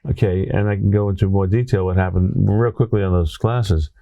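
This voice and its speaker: Man, Brooklyn accent, interview guest, storytelling, low dark voice. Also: fairly quick, no echo. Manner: animated storyteller, tag questions like "right?". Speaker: guest, former teacher. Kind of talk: anecdotal storytelling in conversation.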